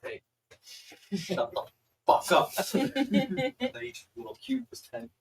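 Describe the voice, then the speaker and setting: A man's voice: extremely high pitch, big pitch swings, takes it slowly, gravelly, darkish tone, recorded from a distance, a little hiss or hum. A man playing a tabletop game, joking and swearing in loose banter. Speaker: player. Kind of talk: casual tabletop game chat.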